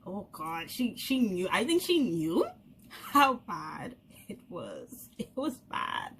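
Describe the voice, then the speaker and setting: A young Bahamian woman vlogger telling a story to camera in a casual, animated way, laughing often and acting out the voices of the people she quotes. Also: medium pitch, takes it slowly, breathy edge.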